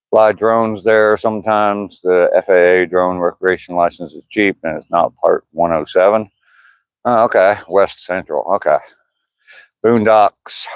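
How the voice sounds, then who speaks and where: An older man, a vlogger with a Southwest Ohio drawl that leans Appalachian, reads viewers' live-chat comments aloud in an easygoing way while walking during a casual live stream. His voice is very low, with a dry, close, slightly dull and muffled sound and no room sound.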